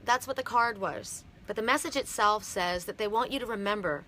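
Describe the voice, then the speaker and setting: A middle-aged woman from Canada giving a heartfelt, halting oracle card reading on a live stream. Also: mid-range voice, bright, forceful tone, a little hiss or hum.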